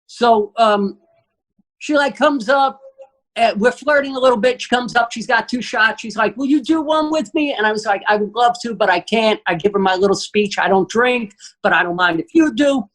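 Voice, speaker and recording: A man's voice: high-pitched, normal speed, rough recording. Profane New man telling stories. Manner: animated, profane storyteller acting out quotes. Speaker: guest comedian. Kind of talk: comedic storytelling.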